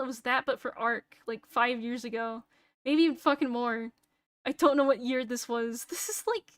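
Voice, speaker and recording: A woman's voice: sits high, dry recording, clean studio sound. A young woman streamer chatting casually, laughing, swearing freely and joking at her own expense. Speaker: VTuber streamer.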